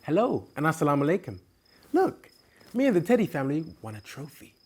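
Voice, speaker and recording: A man hosting a children's show and reading a bedtime story aloud in an expressive way. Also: a little high, fast talker, faint music behind. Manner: animated and expressive. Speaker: storyteller host.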